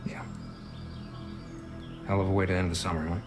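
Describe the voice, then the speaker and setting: A man's voice: deep voice, little pitch movement, moderate pace, music in the background, lightly acted. A young man voicing a sulky, guilt-ridden camp counselor in a video game, talking defensively and then apologizing. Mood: guilty.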